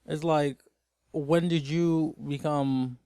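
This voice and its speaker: A man's voice: on the high side, fairly even intonation, slow pace, warm tone, clean tone, no echo, studio quality. A man giving a casual, rambling TV episode recap as host, sounding exasperated throughout.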